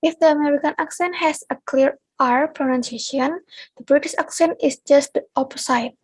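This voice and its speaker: A woman's voice: sits high, moderate pace, darkish tone, no room sound, low-quality recording. A young Indonesian woman with an Indonesian accent, reading a prepared class presentation aloud as a student. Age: young adult. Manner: reads a prepared script aloud.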